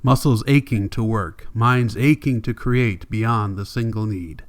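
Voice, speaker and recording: A man reading a classic novel aloud as an audiobook narrator, measured and deliberate, with long pauses. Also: fairly low pitch. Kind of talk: scripted narration.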